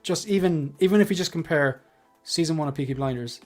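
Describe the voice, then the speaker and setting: Male host, slightly high voice, jokey and loose, panel chat over faint music. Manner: joking, quick asides to chat. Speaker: livestream host.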